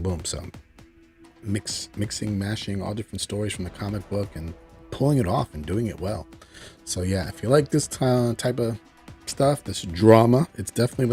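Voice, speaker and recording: Guy with a lowish voice rambling excitedly through an episode recap, faint music behind. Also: creaky, breathy edge. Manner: animated, rambling with many fillers and exclamations. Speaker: show reviewer.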